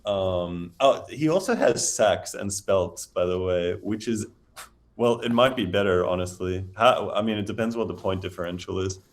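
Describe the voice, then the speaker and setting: Male commentator, low voice, chatty analytical live game commentary. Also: moderate pace. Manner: chatty, analytical, often laughing.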